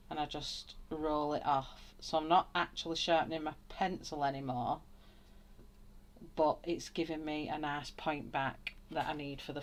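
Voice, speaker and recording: A woman hosting a live colouring tutorial, thinking aloud as she works and greeting viewers in the chat with frequent laughs. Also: sits low. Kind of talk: live colouring demonstration, chatty.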